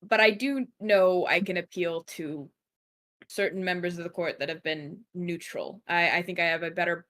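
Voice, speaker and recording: A woman playing a confident council lady in a tabletop game, bright edge, lowish, calm and measured. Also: lightly acted. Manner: measured, self-assured, with hesitant fillers.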